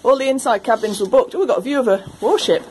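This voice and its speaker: Chatty woman on a noisy ferry. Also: a little high. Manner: chatty, animated, quick to laugh. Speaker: travel vlogger. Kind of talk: casual walk-through commentary. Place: ferry car deck and cabin.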